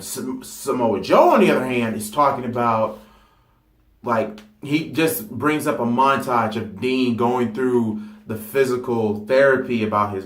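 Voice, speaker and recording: A man talking casually and excitably about a wrestling storyline, rambling with fillers and stopping to correct himself. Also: mid-range voice. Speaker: wrestling fantasy-booking vlogger. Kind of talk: casual unscripted monologue. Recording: roomy echo.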